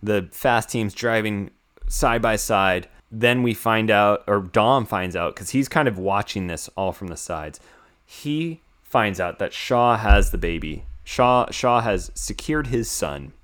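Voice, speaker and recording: A lowish, slightly bright voice speaks slowly. It belongs to a young man from the United States who hosts a casual talk and rambles through a film recap, full of "like" fillers and restarts.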